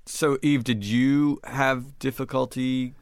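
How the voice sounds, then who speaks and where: A man's voice: mid-range voice, fairly even intonation, slow pace, dry recording. A man hosting a podcast, chatting casually and asking his guests questions. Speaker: podcast host. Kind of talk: casual interview chat. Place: Los Angeles studio.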